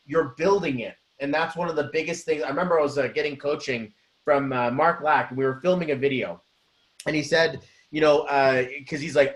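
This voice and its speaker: A man co-hosting a spiritual business talk, speaking with animated motivational energy. His voice sits a little high for a man. The room around him gives a noticeable echo. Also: fairly quick. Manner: energetic, acts out quoted voices. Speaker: co-host. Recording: roomy echo.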